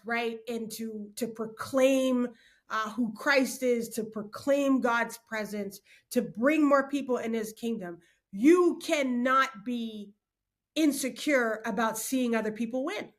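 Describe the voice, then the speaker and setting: A middle-aged woman, a motivational speaker, talking expressively on a faith podcast, laughing often and preaching her points. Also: on the high side. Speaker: guest speaker. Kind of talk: animated podcast conversation.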